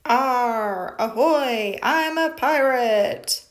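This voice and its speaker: A woman's voice: a little high, very slow, faint music behind, pitched above the performer's own voice. A woman voicing a blustering pirate puppet who talks in pirate slang. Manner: gruff pirate talk. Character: blustering pirate, a little scared.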